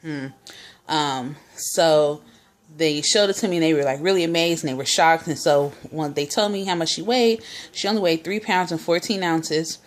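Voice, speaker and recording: Young woman, low voice, chatty vlogger storytelling, lots of "like" and "um". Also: moderate pace. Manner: chatty, many fillers and quoted dialogue. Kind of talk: casual personal storytelling.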